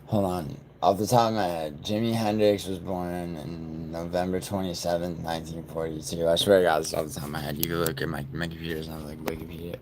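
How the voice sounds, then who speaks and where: A man's voice: low voice, level tone, fairly quick, hardly any pauses, noisy background. A man hosting a livestream in a rambling, profane way, talking straight to his chat. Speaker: livestream host. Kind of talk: casual livestream chat with viewers.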